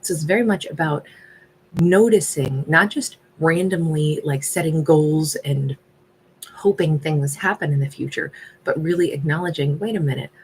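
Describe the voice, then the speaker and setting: A woman with a notably low voice talks through a tarot reading in a casual live-stream way. She sounds earnest and reflective and pauses on fillers as she thinks. A faint background noise sits under her voice. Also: darkish tone, poor audio. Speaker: tarot card reader.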